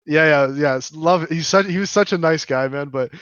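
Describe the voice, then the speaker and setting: A man telling stories on a podcast in a casual, animated, profane way, often restarting his sentences. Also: on the high side, moderate pace, no echo, dull audio. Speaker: podcast co-host. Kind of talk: casual storytelling chat.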